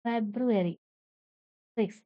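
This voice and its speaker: A woman's voice: fairly high pitch, slow pace, dry recording. A woman from India with an Indian English accent, teaching English pronunciation by spelling each word letter by letter and then repeating it carefully. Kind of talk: pronunciation lesson. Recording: slightly dull, dry lo-fi recording.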